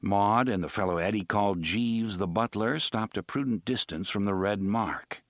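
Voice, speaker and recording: A man narrating a story in an expressive audiobook style. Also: lowish voice, moderate pace, no room sound, studio quality. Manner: expressive, varied delivery.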